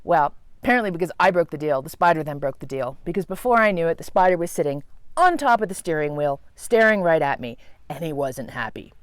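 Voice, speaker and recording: A woman tells a story to camera with a lively, theatrical delivery. Her pitch climbs and dips all over the place, and the sound is dry and close. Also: brisk, no room sound. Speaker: travel vlogger.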